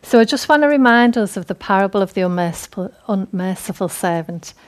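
A woman's voice: mid-range voice, animated, brisk, smooth. A woman giving a conversational, earnest sermon. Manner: conversational, earnest, laughing often. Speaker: preacher.

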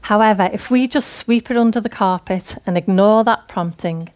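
A woman's voice: mid-range voice, moderate pace, darkish tone. Earnest woman preaching. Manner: conversational, earnest, laughing often. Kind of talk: sermon.

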